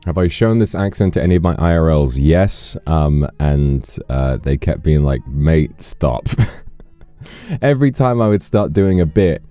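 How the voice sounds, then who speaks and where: A man with a very deep, dark voice hosts a casual live stream, rambling through stories and thanking donors along the way. His sound is dry and close, with no room in it. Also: lively intonation, normal speed, clear, resonant tone, dry recording, soft background music. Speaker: livestream host.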